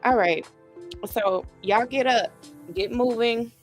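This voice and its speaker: A woman's voice: on the high side, takes it slowly, faint music behind. Chatty, encouraging woman livestream host. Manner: chatty, encouraging, uses y'all and sis; voice shaking from a vibration plate. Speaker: livestream host of writing sessions. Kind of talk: casual livestream chat.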